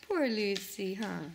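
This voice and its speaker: A woman's voice: mid-range voice, vocal fry. A young mother at home, coaxing and cooing at her baby and dogs in sing-song baby talk. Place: at home indoors. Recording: noisy home recording.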